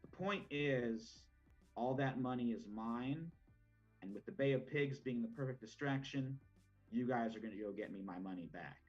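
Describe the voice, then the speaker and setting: A man voicing a scheming older mob boss in a tabletop role-play, speaking in a measured, confiding way. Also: medium pitch, darkish tone, lo-fi sound, faint music behind, close to an everyday voice.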